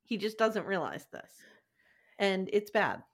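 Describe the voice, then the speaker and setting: A woman's voice: mid-range voice, very animated, unhurried. A woman co-hosting a podcast in casual chat, frank and opinionated, laughing easily. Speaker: podcast co-host.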